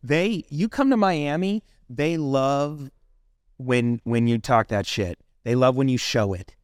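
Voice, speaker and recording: A man's voice: mid-range voice, takes it slowly, clear, resonant tone, no echo, clean studio sound. A man hosting a podcast, chatting enthusiastically and swearing casually. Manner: enthusiastic, profane. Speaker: podcast host. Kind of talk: casual chat.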